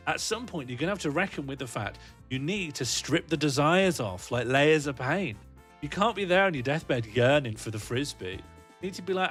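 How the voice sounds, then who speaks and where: A man's voice: on the high side, a bit bright. A man rambling and joking on a casual livestream, answering his chat and laughing often.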